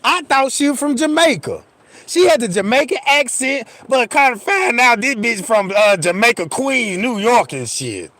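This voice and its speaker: A man giving reaction commentary, animated and profane, who keeps turning to his viewers with questions. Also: very high voice, normal speed, no echo.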